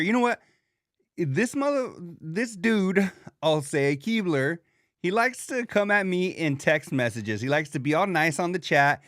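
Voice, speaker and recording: A man's voice: mid-range voice, no echo, studio quality. A man hosting a casual podcast chat in slangy talk, often acting out the lines he quotes. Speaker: podcast host.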